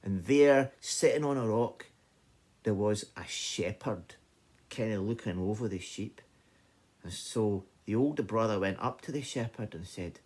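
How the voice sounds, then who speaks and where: A Scottish man telling an old folk tale in a lively, conversational way. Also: fairly low pitch, a little slow. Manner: animated, conversational narration. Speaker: storyteller. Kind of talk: oral folk-tale storytelling.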